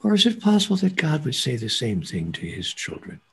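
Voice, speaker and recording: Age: not given. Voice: very husky, gravelly man. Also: mid-range voice, wildly swooping pitch, fairly quick. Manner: storytelling, emphatic repetition. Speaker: spiritual teacher, guest. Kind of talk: lecturing in conversation.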